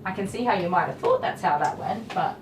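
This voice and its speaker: A woman's voice: mid-range voice, lively intonation, fairly quick, noisy background. An Australian woman in her thirties, a dog groomer chatting casually and rambling with frequent laughs while she works. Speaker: dog groomer streaming live. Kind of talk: casual chat while working. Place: grooming salon. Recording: echoey room with loud clipper buzz.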